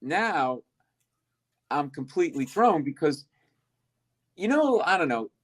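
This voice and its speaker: A middle-aged male comedian, appearing as a guest, tells an energetic self-deprecating story and acts out the dialogue. His voice is a little high and sing-song, and he takes it slowly.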